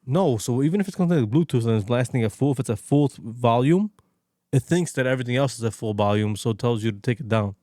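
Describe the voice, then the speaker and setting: A man co-hosting a casual podcast, talking bluntly and emphatically at a middling pitch. His voice sounds close and dry, with no room around it. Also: lively intonation, quick pace, mellow, no echo. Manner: emphatic, says "dude" and "hundred percent" often. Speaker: podcast co-host. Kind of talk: casual chat.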